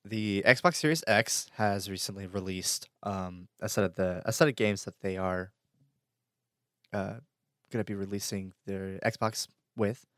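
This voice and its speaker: A man's voice: lowish voice, measured pace, a bit bright, dry recording, studio quality. A young man hosting a gaming podcast, chatting casually with lots of fillers and easy laughter. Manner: laughs easily, reads news with fillers. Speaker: podcast host. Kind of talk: casual chat.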